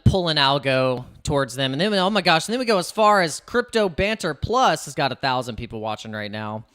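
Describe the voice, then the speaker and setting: A man's voice: medium pitch, bright, forceful tone, smooth. A man hosting a casual crypto livestream, chatty and rambling, hyping up his viewers.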